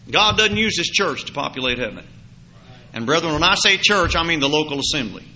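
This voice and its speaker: A man preaching a sermon to a congregation in church, his throat sore and scratchy, rising from quiet talk to loud emphatic preaching. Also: fairly high pitch, lively intonation, brisk.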